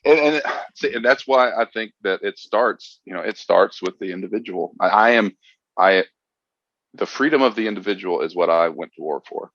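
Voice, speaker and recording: A man from Mississippi with a Southern American accent, a former Marine telling stories as a podcast guest in an earnest, relaxed way. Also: lowish voice, normal speed, no room sound, highs cut off. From Mississippi, USA. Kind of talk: casual podcast conversation.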